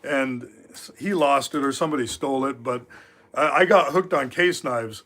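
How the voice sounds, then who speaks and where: A man in his fifties from Alaska, hosting a livestream from his knife workshop. He tells his stories casually and meanders, with lots of filler words. His voice sits at an ordinary pitch for a man. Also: moderate pace, a bit bright. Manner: rambling, with frequent filler words. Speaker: livestream host. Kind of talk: casual storytelling.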